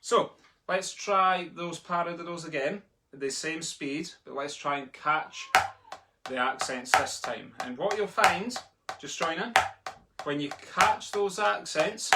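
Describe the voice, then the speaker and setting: Man, drum tutor, chatty, live home stream, stick clicks and noise behind. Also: a little high. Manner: chatty, chants the sticking aloud while playing. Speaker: drumming tutor. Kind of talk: live online drumming lesson. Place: home room. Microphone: laptop in front of him. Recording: noisy, with drumstick clicks behind.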